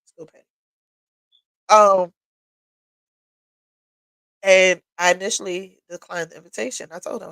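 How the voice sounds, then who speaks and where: Tearful, candid woman with a gravelly voice. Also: medium pitch, a little slow, long pauses, a bit bright, no room sound, rough recording. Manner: candid, emotional, tearful, with blunt asides. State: tearful and sniffling. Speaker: livestream host. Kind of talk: personal testimony talk. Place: home workshop.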